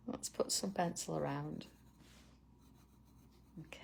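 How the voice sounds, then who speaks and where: A woman's voice: mid-range voice, animated, slow, vocal fry, pauses often. A middle-aged woman hosting a live drawing tutorial, chatting casually with viewers by name and laughing often. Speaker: art tutorial host.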